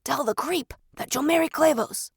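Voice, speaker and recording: A woman narrator voicing an impatient, sarcastic male court member who speaks in a dry, brisk way. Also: sits high, lively intonation, creaky, a bit bright, slightly rough, no echo, full character voice.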